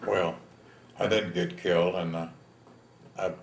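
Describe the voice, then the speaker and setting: A man's voice: deep voice, flat delivery, a little slow, vocal fry, reverberant, slight background noise. A man, telling his own story in a plain-spoken, folksy way in an oral history interview. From Texas. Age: 70s. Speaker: veteran interviewee.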